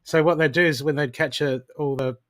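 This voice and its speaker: A man's voice: a little high, fairly even intonation, brisk, a bit bright, no room sound, clean studio sound. A man co-hosting a live stream, chatting casually and rambling a little as he explains things. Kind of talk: casual chat.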